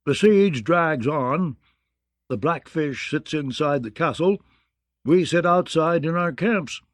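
A man voicing a gruff, bawdy, blustering male knight in an audiobook, with a mocking, growling manner. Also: on the high side, lively intonation, slow pace, no room sound, pitched above the performer's own voice. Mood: grumbling. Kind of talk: audiobook character voice.

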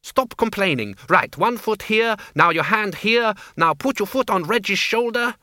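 A man's voice: sits high, expressive, moderate pace, no room sound, clean studio sound, voice pushed up. A man voicing a fierce, bossy middle-aged woman who orders her husband about. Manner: sharp, nagging, commanding.

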